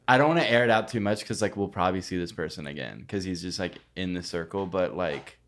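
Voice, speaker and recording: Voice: sits low, quick pace, slight background noise. A podcast co-host chatting casually, laid-back and teasing, with hesitant restarts. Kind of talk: casual chat.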